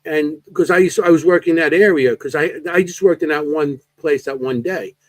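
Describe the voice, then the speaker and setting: A man chatting casually on a podcast, halting and rambling, often restarting his sentences. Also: fairly high pitch, no echo. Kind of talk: casual chat.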